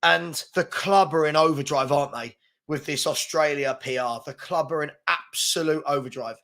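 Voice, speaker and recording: A man's voice: a little high, normal speed, fairly bright tone. A man hosting a casual live-stream chat, frustrated and rambling, reading out viewer comments as he talks. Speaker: host.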